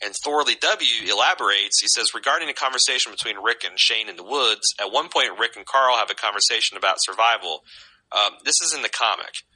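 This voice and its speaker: A man with a fairly low voice and a very bright, forceful tone. He co-hosts a podcast in a casual, opinionated way and reads listener comments aloud. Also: fairly quick, low-quality recording. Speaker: podcast co-host. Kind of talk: casual chat.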